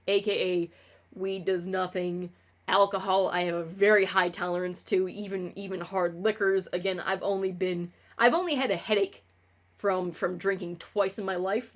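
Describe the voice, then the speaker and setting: Young woman streamer, mid-pitched, swears a lot, stumbles over words, rambles on tangents. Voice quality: clutterer who trips over words. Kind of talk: casual livestream monologue.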